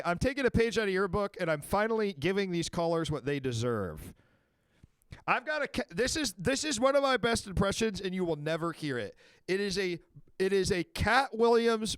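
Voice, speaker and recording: A man in his thirties hosting a call-in show, ranting loudly and swearing in casual banter. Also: a little high, no room sound, studio quality. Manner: loud, swearing, animated rants.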